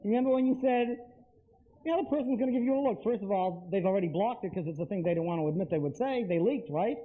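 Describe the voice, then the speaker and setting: A man's voice: sits high, expressive, racing. A man giving a live lecture to an audience, talking emphatically and straight to them with repeated phrases. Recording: tinny lo-fi lecture recording.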